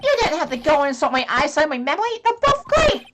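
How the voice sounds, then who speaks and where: A woman voicing a loud, excitable male courtroom witness who whines and shouts indignantly while reading a game aloud. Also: high voice, quick pace, very noisy, voice pushed up. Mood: indignant shouting.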